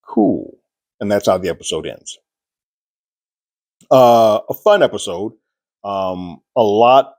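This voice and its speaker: A man's voice: on the low side, takes it slowly, pauses often, a little mellow, no echo. A man giving a casual spoiler review of a TV episode, retelling scenes and acting out characters' lines with raised voices.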